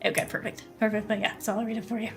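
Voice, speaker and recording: A bubbly woman streaming a game talks casually to her chat and a teammate, full of fillers and laughter. Her voice sits at a middle pitch, and soft music plays faintly underneath. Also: level tone, racing, vocal fry. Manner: chatty and bubbly, laughs often, many fillers. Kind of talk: casual live-stream chat while gaming.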